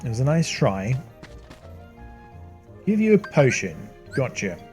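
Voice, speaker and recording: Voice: medium pitch, big pitch swings, takes it slowly, darkish tone, soft background music. A young adult host giving rambling, casual commentary while playing a game. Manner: rambling, self-deprecating, laughs often. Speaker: let's play host.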